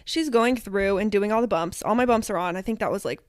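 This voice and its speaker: A young woman co-hosting a podcast, telling a story in casual chat, animated, acting out the dialogue she quotes and often saying "like". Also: mid-range voice, a little fast, dry recording, clean studio sound. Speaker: podcast co-host.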